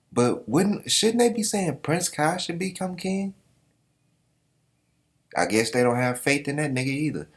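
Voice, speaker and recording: A man's voice: on the high side, very animated, a little slow, pauses often. A man casually reacting to a comic chapter, joking and swearing as he reads panels aloud. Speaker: manga reaction host.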